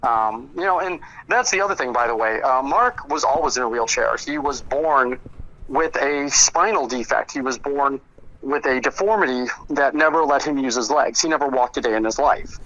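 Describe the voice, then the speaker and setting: A man's voice: mid-range voice, moderate pace, pushed and bright, lo-fi sound. A man telling stories about an old friend in a casual interview, rambling with many fillers and restarts. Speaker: interview guest, friend recounting memories.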